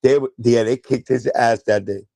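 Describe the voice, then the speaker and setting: A man's voice: mid-range voice, fairly even intonation, moderate pace, gravelly, dark tone, dry recording. A man from New York hosting a casual livestream from a chair at home, telling a story in a loose, profane way and laughing as he goes. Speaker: sneaker livestream host.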